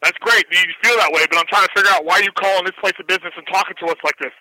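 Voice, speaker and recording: A man working at a restaurant, answering the phone and pushing back calmly but firmly. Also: high-pitched, very fast, no room sound, rough recording. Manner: calm but firm, repeats himself to push back. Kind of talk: phone argument. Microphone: telephone line.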